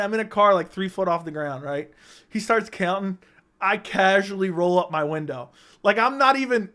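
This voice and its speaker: A man's voice: sits high, fairly bright tone. A young man hosting a casual livestream, telling stories animatedly with frequent swearing and "right?" asides. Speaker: livestream host.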